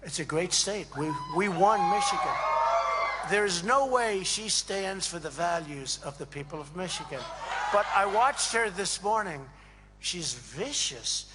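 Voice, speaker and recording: A man's voice: high-pitched, animated, a little slow, very noisy. A man giving a rambling, emphatic rally speech to a crowd, repeating phrases and acting out quoted dialogue. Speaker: speaker at a political event. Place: large event hall.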